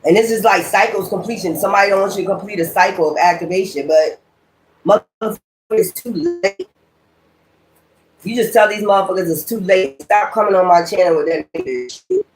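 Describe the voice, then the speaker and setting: A woman's voice: medium pitch, animated, fast, few pauses, faint music behind. Woman, tarot reader, mid-range voice, blunt and profane, ranting, roomy echo. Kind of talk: spoken tarot reading. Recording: echoey room.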